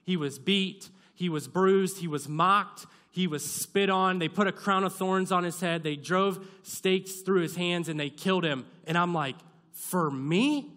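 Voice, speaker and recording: A young male pastor delivers a sermon with a high, bright voice. He talks casually and with humor at his own expense. He slips into playful acted-out asides as he speaks. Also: fairly even intonation, unhurried, hardly any pauses. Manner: conversational, self-deprecating preaching with acted-out asides. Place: church sanctuary.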